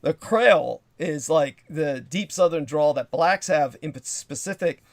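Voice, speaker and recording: A man's voice: fairly high pitch, a little slow, no room sound. A man hosting a livestream, telling a long rambling story in a profane, digressive way and reading out comments from the chat as he goes. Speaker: livestream host.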